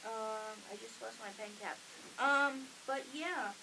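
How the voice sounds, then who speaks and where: Her voice is a little high, creaky, and slow, with background noise behind it. She's a young adult hosting a college radio show, casually telling stories and imitating the voices of the people she quotes.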